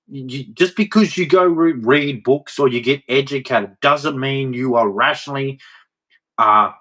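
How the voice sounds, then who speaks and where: A man vents in a heated vlog rant. He talks in a preachy, insistent way and doubles back on words to drive his points home. His voice sits at an ordinary middle pitch for a man. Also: sharp tone. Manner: heated, preachy, repeats himself for emphasis. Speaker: vlogger. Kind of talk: ranting monologue to camera.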